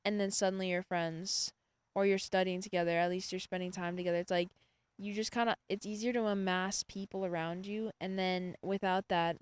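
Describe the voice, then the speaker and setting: A woman's voice: medium pitch, steady tone, fairly quick, smooth. A woman in her twenties hosting a podcast, talking through her day in a rambling, reflective solo monologue full of fillers. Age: 20s. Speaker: podcast host. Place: outdoors in a hammock.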